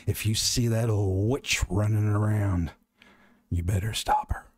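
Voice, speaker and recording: A man voicing the spirit of an old man stuck in the woods, who speaks slowly and calls people honey. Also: steady tone, breathy edge, dry recording, clean studio sound. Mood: grave warning. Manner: slow, low, folksy, calls her honey. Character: spirit of an old man living in the woods, gentle but warning.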